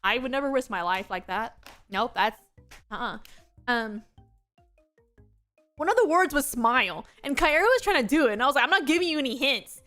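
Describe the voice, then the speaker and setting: A young American woman streamer chatting casually, telling animated travel stories with frequent giggles. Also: high voice, moderate pace, pauses often, soft background music. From United States. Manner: giggly, animated storytelling with quoted voices. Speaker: VTuber streamer. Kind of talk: casual chat.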